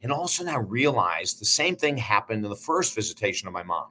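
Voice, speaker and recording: Host: man, earnest heartfelt storyteller, low-ish voice, faint hiss behind. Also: big pitch swings, fast talker, pushed and bright. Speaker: life coach and channel host. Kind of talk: personal storytelling to camera.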